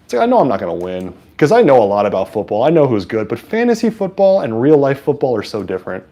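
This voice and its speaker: A man from San Francisco hosting a livestream, chatting excitedly and casually as he comments on a football game. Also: medium pitch, quick pace. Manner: chatty and excitable, with frequent fillers. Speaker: livestream host. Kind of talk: casual live sports commentary.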